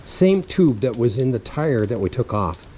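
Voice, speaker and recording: A man's voice: mid-range voice, very animated, moderate pace, mellow, slight background noise, rough recording. Rambling man muttering through a repair. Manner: rambling, muttering to himself, swears casually. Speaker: vlogger. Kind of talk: casual how-to vlog.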